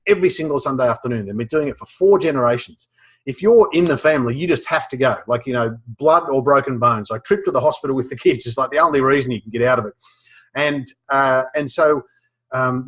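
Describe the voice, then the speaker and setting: Husky Australian man telling stories. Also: mid-range voice. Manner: animated storyteller with many restarts and fillers. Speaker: professional speaker teaching a webinar. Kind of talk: storytelling presentation.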